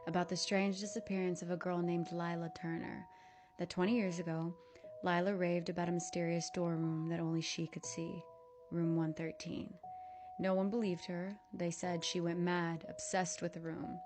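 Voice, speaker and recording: A woman's voice: on the low side, level tone, normal speed. A young woman narrating a scary college story in a dramatic, scripted way. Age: young adult. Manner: dramatic, drops to whispers for effect. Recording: narration over loud music.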